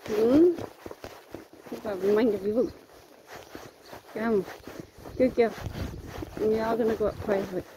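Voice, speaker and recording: A woman's voice: fairly high pitch, fairly even intonation, a little slow, pauses often, background noise. A woman riding her pony along a road, talking to it in short commands, praising and scolding it. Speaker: horse rider and vlogger.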